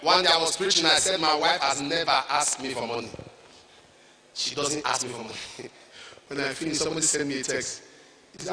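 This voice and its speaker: A middle-aged Nigerian man preaching a sermon as a pastor, shouting his points and repeating lines in a sing-song way. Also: on the high side, lively intonation, moderate pace, long pauses. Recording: echoey hall from far off.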